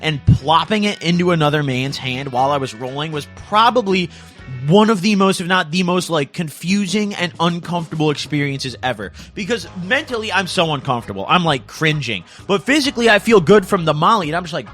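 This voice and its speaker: A man's voice: a little high, lively intonation, normal speed, a bit bright, faint music behind. A young man telling a comic story in a casual, slangy way, tagging lines with "bro" and "dude".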